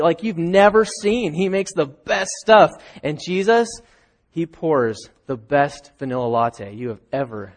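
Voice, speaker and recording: A man preaching a sermon from a church stage, telling the story with lively, acted-out scenes. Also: high-pitched. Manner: animated storytelling, acting out characters with raised voice. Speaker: pastor.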